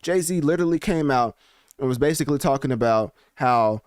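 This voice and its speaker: A man's voice: mid-range voice, fairly quick, clean tone, no echo, studio quality. Man casually chatting as podcast host. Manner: animated, conversational, slangy asides. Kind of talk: casual commentary. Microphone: podcast mic, also on video.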